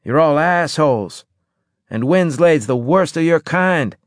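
Playing a raspy, surly soldier brought back to life, a man speaks at medium pitch with lively intonation and an unhurried pace. The voice is pitched above his natural one and a bit bright, recorded at studio quality with no room sound.

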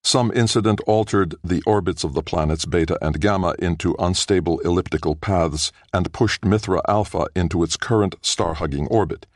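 A man voicing a ship's master computer in an audiobook, with a flat, bland delivery. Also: sits low, normal speed, few pauses, no echo, clean studio sound.

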